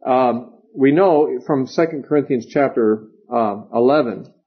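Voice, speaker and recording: Male Bible teacher, conversational lecture style, husky tone, muffled lo-fi recording. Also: medium pitch, a little slow. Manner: conversational, with fillers and asides.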